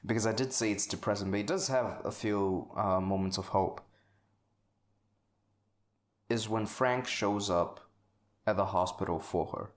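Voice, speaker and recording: A man's voice: lowish voice, a little slow, long pauses. A man co-hosting a casual film podcast, rambling and exclamatory, swearing freely. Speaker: podcast co-host. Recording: roomy echo.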